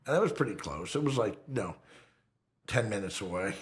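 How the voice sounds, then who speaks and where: A middle-aged man, telling his story in an interview in a profane, animated way. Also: fairly low pitch, brisk.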